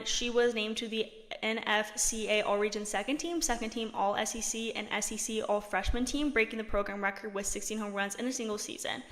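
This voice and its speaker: A woman hosting a sports podcast, reading long runs of player statistics and correcting her slips with quick apologies. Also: on the high side, a bit bright, in a large hall. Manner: reads long lists of stats, corrects herself with quick apologies. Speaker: podcast host.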